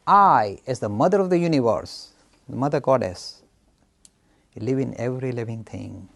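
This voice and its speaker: A man voicing a mother goddess who speaks slowly and solemnly, teaching her young son. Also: mid-range voice, lively intonation, gravelly, pitched below the performer's own voice. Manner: slow, solemn and instructive.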